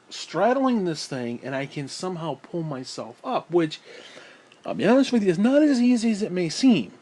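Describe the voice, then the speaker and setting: This vlogger's voice is fairly high and a little mellow. Sitting at home indoors, he wanders through a story for his casual vlog, swearing freely and sighing frequently.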